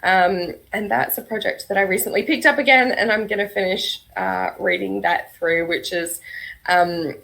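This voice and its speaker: Bright, chatty Australian woman. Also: mid-range voice, steady tone, moderate pace, creaky, rough recording. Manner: chatty, laughs often while talking. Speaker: guest author. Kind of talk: casual panel chat.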